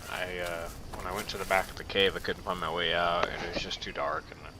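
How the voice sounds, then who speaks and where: A man giving a halting, filler-filled explanation during a survival game tutorial. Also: deep voice, little pitch movement. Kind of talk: casual gameplay tutorial commentary. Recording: game ambience noise behind. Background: jungle game ambience.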